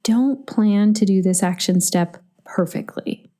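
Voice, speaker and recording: A woman's voice: medium pitch, measured pace, warm tone. A middle-aged woman hosting a solo podcast, chatty and storytelling, laughing easily. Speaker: podcast host.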